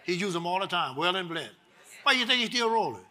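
A man, preaching a sermon with call-and-response, moving between quiet Bible teaching and loud exhortation. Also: sits high, big pitch swings, brisk. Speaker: pastor.

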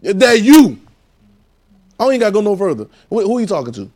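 A man with a Southern US accent preaches a sermon, chatting with the congregation and coaxing them to answer back. His voice sits a little high for a man. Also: very animated, rapid-fire, warm tone. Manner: conversational call-and-response preaching, coaxing the audience.

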